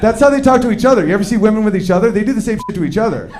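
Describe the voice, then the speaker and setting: Animated male stand-up comic, high-pitched. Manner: animated storytelling, quick shifts into acted-out quotes of men and women. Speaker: stand-up comedian. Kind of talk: stand-up comedy routine. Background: audience laughter.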